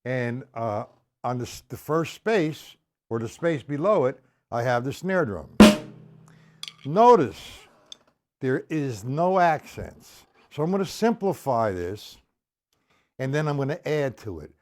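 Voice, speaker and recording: A man's voice: mid-range voice, very animated, moderate pace, soft background music. A man teaching a drum lesson, explaining patterns step by step and counting sixteenth notes aloud. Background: drum kit playing.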